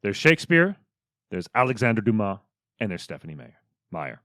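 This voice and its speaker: A man's voice: on the low side, sing-song, brisk, fairly bright tone, no echo, studio quality. A man co-hosting a film podcast, wry and teasing in casual chat. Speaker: podcast co-host. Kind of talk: casual film review chat, partly scripted.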